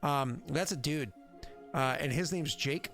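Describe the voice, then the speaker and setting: Gravelly chatty game master man. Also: fairly high pitch, a little slow, fairly bright tone, faint music behind. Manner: rambling, chatty, lots of fillers. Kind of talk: casual chat running a tabletop game stream.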